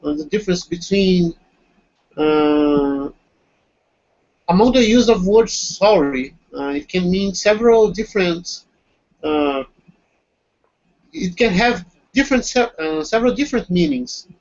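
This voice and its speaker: A man's voice: high-pitched, lively intonation, measured pace, pauses often, darkish tone. A man in an online English class, answering with many hesitations and restarts as he searches for words. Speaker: language student. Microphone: video call. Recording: muffled video-call audio.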